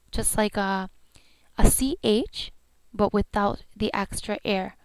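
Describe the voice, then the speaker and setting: A woman's voice: medium pitch, fairly even intonation, slow, clean tone, dry recording. A woman giving a patient pronunciation lesson, saying each sound several times over. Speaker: language teacher.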